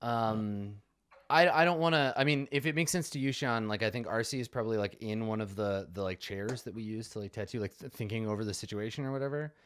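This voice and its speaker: A man's voice: lowish voice, a little fast, clear, resonant tone. A man playing a tabletop game, chatting casually with many fillers. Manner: animated, hesitant, lots of "like". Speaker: player.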